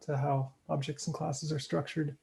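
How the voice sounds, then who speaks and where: Gravelly, mellow-voiced man explaining haltingly. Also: a little high, flat delivery, slight background noise. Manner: hesitant, lots of ums, explains slowly. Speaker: book club participant. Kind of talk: casual technical discussion. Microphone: video call.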